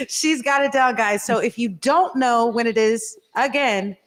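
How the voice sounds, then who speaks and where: A woman's voice: on the high side, measured pace. A woman guest in casual chat, bubbly and openly emotional. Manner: bubbly and emotional, sings a bit off the cuff.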